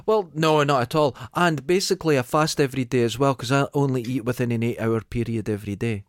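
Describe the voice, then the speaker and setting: A man's voice: medium pitch, fast, dry recording, clean studio sound. A Scottish man of about fifty, co-hosting a casual podcast chat, easygoing and laughing often. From Scotland. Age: 40s. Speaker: podcast co-host.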